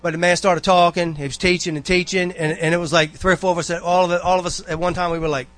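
A man's voice: high-pitched, level tone, fast, a bit bright, no room sound. Rambling, folksy man exhorting a congregation. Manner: rambling, folksy, with frequent asides. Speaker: church member giving a talk. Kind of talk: casual church exhortation.

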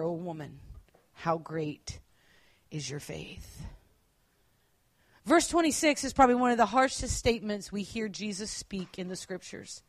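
A woman preacher giving a sermon, earnest, at times dropping to quiet emphasis and correcting herself as she goes. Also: mid-range voice, dry recording.

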